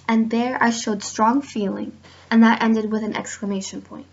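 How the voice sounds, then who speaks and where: In a dull lo-fi recording with a little hiss or hum, a woman student presents on grammar for class. She reads at a moderate pace in a mid-range voice, steadily voicing the examples aloud.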